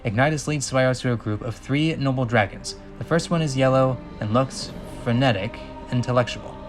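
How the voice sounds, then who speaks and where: A man's voice: mid-range voice, moderate pace, over music. A man reading a film script aloud as a channel host, with dry sarcastic asides.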